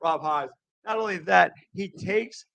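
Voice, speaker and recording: A man co-hosting a casual sports podcast, talking in a halting way with restarts. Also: high voice, gravelly, fairly bright tone, no echo. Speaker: podcast co-host.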